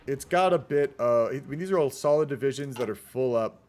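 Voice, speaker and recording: A man's voice: mid-range voice, a little fast, a little mellow. Rambling man casting a game. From United States. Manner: rambling, chatty, talks to the chat. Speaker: game caster. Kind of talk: casual strategy game replay commentary.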